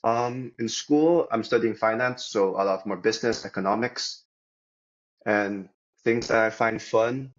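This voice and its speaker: A young man chats as a podcast guest in a relaxed, upbeat way, laughing easily. His voice sits fairly low. The recording sounds dull and lo-fi. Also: measured pace. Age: young adult. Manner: easygoing, chatty and upbeat, laughing often. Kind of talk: casual podcast chat.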